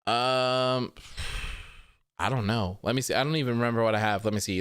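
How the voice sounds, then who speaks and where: A man hosts a livestream in relaxed, casual chat. His voice is smooth and clear at a middle pitch, and the sound is dry and close. He reads out viewer comments and reacts offhandedly, swearing freely. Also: brisk, pauses often, no room sound. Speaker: wrestling stream host.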